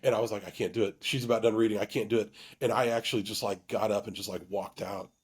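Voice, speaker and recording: A YouTube channel host with a lowish, somewhat breathy voice and fairly even intonation candidly tells a personal story. His speech is halting, full of restarts and fillers, yet earnest and emotionally open.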